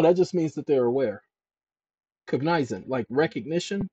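A man hosting his own channel, walking viewers through legal paperwork on his screen in an emphatic way, often calling them "ladies and gentlemen" and checking in with "okay?". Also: mid-range voice, breathy edge, no echo. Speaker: channel host giving legal advice. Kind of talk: instructional screen-share talk. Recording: dull lo-fi recording.

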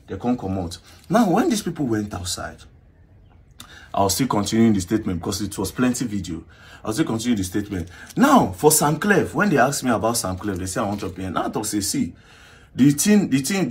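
A man's voice: mid-range voice, breathy edge. A young adult man with a Nigerian accent, animatedly retelling a police encounter and acting out what others said. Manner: excitable, acts out others' words, frequent "you understand?". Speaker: online activist telling his story. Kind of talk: animated storytelling in Nigerian Pidgin-tinged English.

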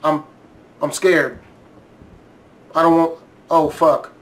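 A man's voice: a little high, fairly even intonation, takes it slowly. A man hosting his channel, giving casual reaction commentary, swearing freely and yelping when something startles him. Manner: profane, jumpy, yelps and swears when startled. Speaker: YouTube host reacting to a scare challenge.

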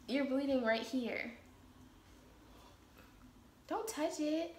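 Giggly high-voiced woman, bright and lively. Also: very slow, long pauses, roomy sound, slight background noise. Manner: giggly, anxious, swears a lot, calls partner baby. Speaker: vlogger doing the waxing. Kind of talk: casual chat with partner.

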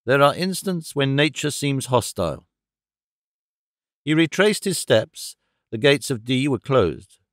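A man reading a classic novel aloud as an audiobook narrator, in a measured, formal storytelling manner. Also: mid-range voice, very animated, fairly bright tone, dry recording, clean studio sound. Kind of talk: scripted narration.

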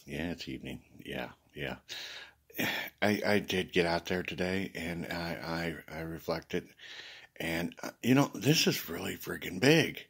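A man talking casually to viewers, rambling with many restarts and swinging between worried and loud. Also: low voice, expressive, unhurried, creaky, husky. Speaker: video blogger.

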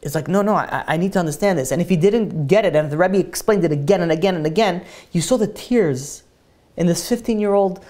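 In a lowish, dark-toned voice, a woman speaks briskly during an earnest Tisha B'Av sermon built around storytelling. She often restarts her sentences and dramatizes what people said.

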